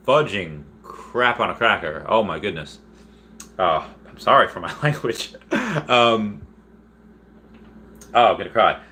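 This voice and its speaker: A man hosting a casual livestream, reading viewer chat aloud in a rambling, excitable way with frequent laughs and restarts. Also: on the low side, slight background noise.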